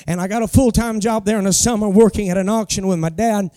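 A man's voice: high voice, steady tone, fast talker, dark tone, no room sound, clean studio sound, faint music behind. A middle-aged man, a pastor telling a folksy story as a sermon testimony. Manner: folksy storytelling with homespun sayings.

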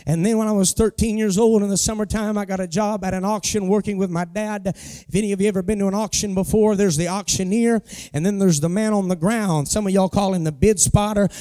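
A man's voice: high voice, fairly even intonation, brisk, mellow, clean tone, dry recording, clean studio sound. A middle-aged man, a pastor telling a folksy story as a sermon testimony. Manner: folksy storytelling with homespun sayings.

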